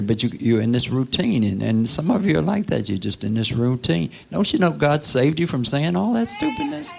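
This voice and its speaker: A man's voice: medium pitch, animated, normal speed, creaky. A man preaching a sermon in a church, talking to the congregation in a conversational way, asking rhetorical questions and sometimes dropping to a whisper.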